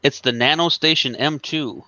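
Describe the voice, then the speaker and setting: Male host, sharp bright voice, swears freely while ranting casually. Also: a little high, moderate pace, no echo. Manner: profane, ranting storyteller. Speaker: podcast host. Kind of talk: casual chat. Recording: dull lo-fi sound.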